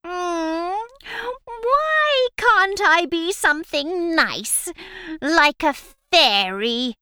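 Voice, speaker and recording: A woman's voice: extremely high pitch, animated, very slow, sharp tone, dry recording, studio quality, voice pushed up, exaggerated voice. A woman voicing a grumpy female witch who longs to be a fairy, in a whiny, pleading manner, for a children's storybook reading. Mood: wistful.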